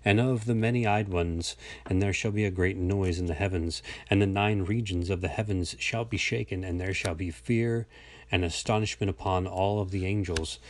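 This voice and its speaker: A man reading an old religious text aloud in a slow, measured, solemn way, now and then stumbling over a word. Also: sits low, slight background noise. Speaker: reader.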